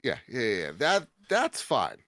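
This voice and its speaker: A man in casual podcast chat, telling stories in an animated way and jumping into quoted voices. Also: mid-range voice, moderate pace, no room sound, clean studio sound.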